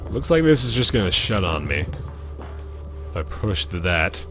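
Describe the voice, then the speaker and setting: A man's voice: low-pitched, sing-song, moderate pace, a bit bright, soft background music. Chatty man narrating his gameplay. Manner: casual, chatty, thinking aloud while playing. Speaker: gaming channel host. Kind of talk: let's play commentary.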